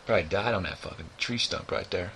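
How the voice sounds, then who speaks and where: Deep-voiced, cursing man rambling a review. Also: fast, vocal fry, a bit bright, a little hiss or hum. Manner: profane, rambling, constant "you know what I mean" fillers. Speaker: book reviewer. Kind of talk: casual rambling book review.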